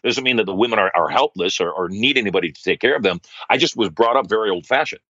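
Middle-aged male guest, deep-ish, lively storytelling, dry muffled podcast audio. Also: fast talker, no room sound. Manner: animated storyteller, acts out quoted voices. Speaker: guest, wealth coach. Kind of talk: storytelling interview answers.

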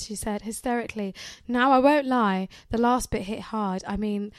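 Podcast lady reading a reddit-style story out loud, kinda high voice, dry mic, laughs and swears a lot. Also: moderate pace, few pauses, no room sound. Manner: animated, laughs often, swears. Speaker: podcast co-host. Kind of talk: reading a story aloud with commentary.

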